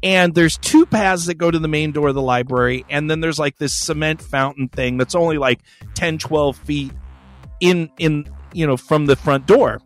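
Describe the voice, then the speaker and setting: A man's voice: a little high, normal speed. A man with a slightly raised voice spins a long, swear-filled story for his podcast. He rambles and backtracks but stays wry, and faint music sits under his talk. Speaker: podcast host. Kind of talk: casual storytelling chat.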